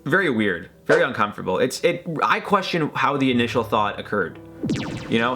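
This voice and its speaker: A man's voice: mid-range voice, very animated, brisk, sharp tone, faint music behind. A man hosting a reaction video, talking in a rambling, hesitant, joking way. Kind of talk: casual commentary.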